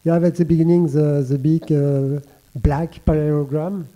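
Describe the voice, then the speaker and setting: A man with a French accent speaking on a panel at a round-table discussion, whose first language is French, halting as he searches for English words. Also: fairly high pitch, fairly even intonation, dark tone.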